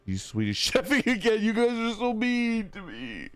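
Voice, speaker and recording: A streamer chatting casually on a live stream while gaming, with loud groaning outbursts and halting reading aloud. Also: medium pitch, sing-song.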